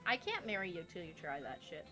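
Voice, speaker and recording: A woman's voice: fairly low pitch, wildly swooping pitch, fast, over music. A young woman from New England chatting casually over gameplay, blunt and teasing and swearing freely. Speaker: let's play co-host.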